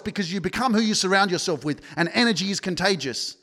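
This is a man coaching his podcast listeners, blunt and insistent, cursing and circling back to the same point. His voice sits somewhat high for a man. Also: lively intonation, fast talker, few pauses, fairly bright tone. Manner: swearing, pushy, repeats himself, quotes people in his own voice. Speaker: podcast host and self-help coach. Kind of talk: motivational podcast monologue, live-streamed.

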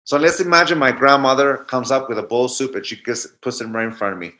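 Brief: man in his 40s, middle pitch, bright tone, musing storyteller on an interview. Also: expressive, fast talker, few pauses. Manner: anecdotal, restarts mid-thought. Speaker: guest speaker. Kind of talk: reflective storytelling talk.

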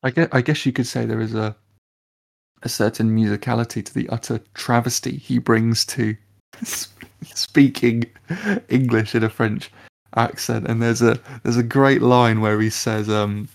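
A man's voice: mid-range voice, flat delivery, a little slow, creaky. A man co-hosting a film podcast, reviewing a score in casual chat with many restarts. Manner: hesitant, many restarts and fillers. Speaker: podcast co-host.

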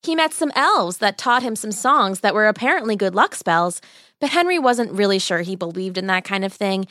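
A woman's voice: medium pitch, animated, moderate pace, fairly bright tone, no echo. Playful woman storyteller, dry close sound. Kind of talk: scripted narration.

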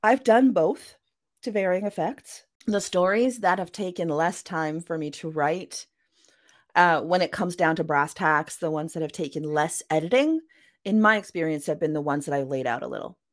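Speaking at a normal speed with a lowish voice, a woman author is interviewed on a podcast. She's chatty and relaxed, illustrating her point by acting out brief quoted voices.

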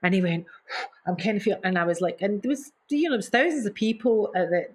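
A woman's voice: mid-range voice, animated, quick pace. A middle-aged woman, a singer being interviewed, telling stories in an effusive way, repeating herself and acting out quotes. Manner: acts out quotes with gasps and mimicry. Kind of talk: casual storytelling in an interview.

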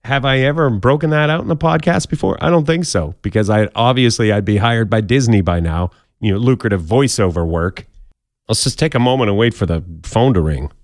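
A man's voice: mid-range voice, lively intonation, brisk, no echo, studio quality. A man hosting a podcast, counting down odd news stories in a casual, jokey way with playful asides. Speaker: podcast host.

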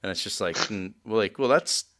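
A man's voice: lowish voice, brisk, fairly bright tone, slight background noise. A man hosting a casual podcast, rambling with many fillers and restarts. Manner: rambling, full of likes and restarts.

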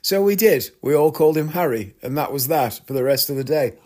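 A man with an English accent, a magician and podcast host, telling comic stories in a wry, deadpan way. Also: fairly high pitch, a little fast. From England. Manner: wry, deadpan storytelling with frequent laughs. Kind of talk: comic storytelling monologue.

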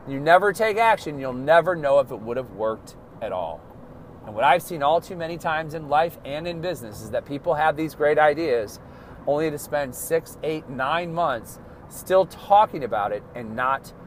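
A man's voice: a little high, a little hiss or hum. A man hosting a motivational podcast as a success coach, talking emphatically and calling his listeners folks.

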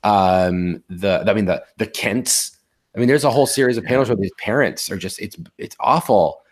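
A man in his forties co-hosting a podcast, talking casually in a rambling, halting way with many restarts. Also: lowish voice. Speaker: podcast co-host. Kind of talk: casual chat.

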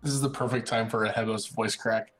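A man's voice: fairly low pitch, steady tone, a little fast, a bit bright, faint music behind, rough recording. A man playing a tabletop game, describing his character's actions in a casual, rambling way. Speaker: player.

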